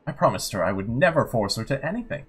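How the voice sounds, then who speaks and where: A man's voice: mid-range voice, big pitch swings, fast, husky. A man reading as an obsessive vampire diarist. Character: obsessive male vampire writing a diary. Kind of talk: reading a diary aloud.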